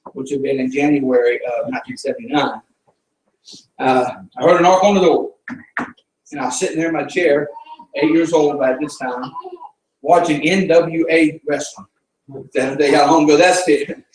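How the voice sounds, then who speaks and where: A man's voice: on the high side, a little mellow, slight background noise. A middle-aged man with a Southern accent, a missionary giving a folksy, fervent presentation to a church. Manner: folksy storytelling, fervent preaching. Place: church sanctuary. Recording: echoey church room from a distance.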